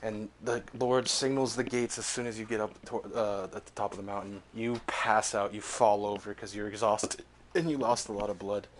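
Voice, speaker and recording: A man's voice: fairly low pitch, fairly even intonation, normal speed, slight background noise. A young man running a tabletop game as game master, narrating vividly, swearing freely and laughing between beats.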